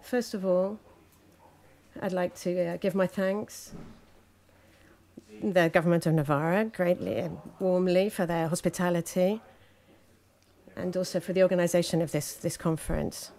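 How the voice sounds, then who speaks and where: A woman interpreting speeches live at a conference, halting often with fillers between phrases. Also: fairly low pitch, fairly even intonation, dark tone.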